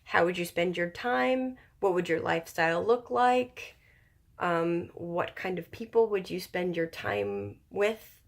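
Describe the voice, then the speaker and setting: Slow, gravelly-voiced woman musing aloud. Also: lowish voice, expressive. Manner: slow and thoughtful, with many ums and pauses. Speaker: channel host sharing personal growth advice. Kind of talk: reflective motivational talk to camera.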